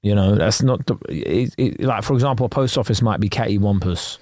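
A man, joking around on a podcast and reading out definitions. Mid-pitched, close and dry sound. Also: a little fast, darkish tone, no room sound. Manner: jokey, slips into mock accents. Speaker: podcast co-host. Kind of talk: casual chat.

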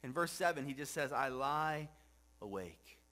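A male pastor preaching a reflective sermon to a congregation, asking rhetorical questions and often dropping soft and low for scripture. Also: expressive, a little slow. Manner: asks the congregation rhetorical questions, frequent "right?". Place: church sanctuary with congregation.

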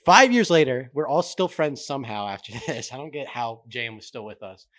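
A man's voice: mid-range voice, animated, fairly quick, fairly bright tone. A young man co-hosting a podcast, telling school stories in casual chat, laughing often and swearing. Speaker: podcast co-host.

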